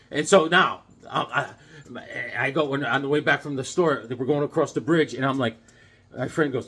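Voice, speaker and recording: Speaking briskly in a mid-range voice that's fairly bright and a touch rough, this middle-aged man shares a childhood memory between comics in his laid-back collector's vlog, with plenty of fillers and restarts.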